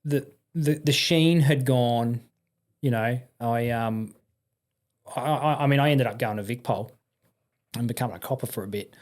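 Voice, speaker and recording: An Australian man, a veteran guest, telling stories in a relaxed interview, swearing freely and acting out the people in them. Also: medium pitch, moderate pace. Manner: swearing, animated anecdote-telling with laughs. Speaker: podcast guest, army and police veteran. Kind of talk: casual storytelling interview.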